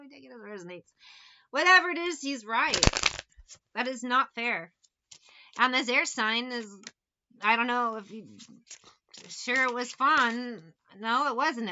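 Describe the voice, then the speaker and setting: A woman's voice: on the high side, pushed and bright, lo-fi sound, a little hiss or hum. A woman giving a casual tarot reading, talking bluntly with plenty of swearing and sarcastic asides. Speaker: tarot reader.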